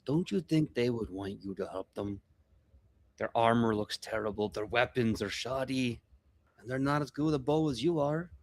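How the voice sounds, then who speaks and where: A man's voice: medium pitch, normal speed, close to an everyday voice. A man voicing a scheming, greedy male goblin gang boss who talks in a wheedling, persuasive way.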